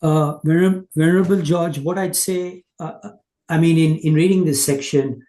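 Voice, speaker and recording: A man's voice: on the high side, fairly even intonation, moderate pace, mellow, roomy sound. A man asking a question in a class discussion, hesitant and full of fillers and broken-off words. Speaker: student.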